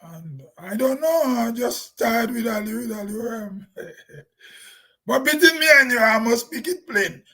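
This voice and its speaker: Grenadian man, very high voice, husky, rambling casual vlog talk. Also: animated, a little slow, bright, forceful tone, rough recording. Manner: plain-spoken, rambling, laughs to himself. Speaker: vlogger. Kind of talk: casual monologue.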